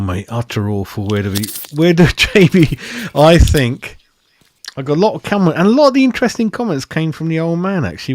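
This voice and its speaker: A man's voice: fairly low pitch, a little mellow, dry recording. Exasperated man ranting about football. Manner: exasperated, keeps saying mate. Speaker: fan channel host. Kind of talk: live stream match reaction.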